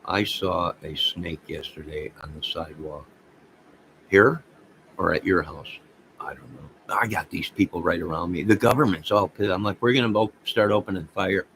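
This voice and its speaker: Low-voiced rambling man on a livestream. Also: animated, normal speed, fairly bright tone, slight background noise, low-quality recording. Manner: rambling, talks straight to viewers. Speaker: livestream host. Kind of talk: casual livestream chat with viewers.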